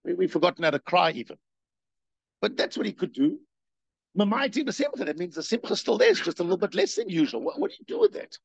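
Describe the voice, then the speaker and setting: Animated high-voiced male lecturer, gravelly. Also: fast, dry recording. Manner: animated, rhetorical questions, repeats himself. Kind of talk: spoken Torah lecture. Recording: dull, dry lo-fi recording.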